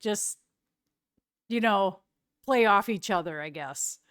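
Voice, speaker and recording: A woman's voice: medium pitch, slow, dry recording. Chatty woman streamer, dry close sound. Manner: relaxed, chatty, laughs often. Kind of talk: casual chat with viewers.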